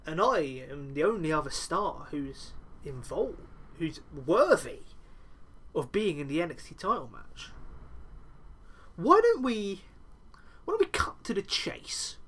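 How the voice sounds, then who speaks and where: A smug, scheming wrestler, put on by a man with a voice pushed well above his usual pitch. He gloats, pleased with himself, and his delivery rises and falls with animated swings. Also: measured pace, full character voice. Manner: gloating, self-satisfied.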